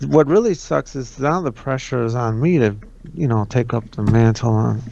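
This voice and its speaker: A man co-hosting a casual livestream podcast, making slow, dry, sardonic remarks. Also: medium pitch, creaky, darkish tone, highs cut off, a little hiss or hum. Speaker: podcast co-host.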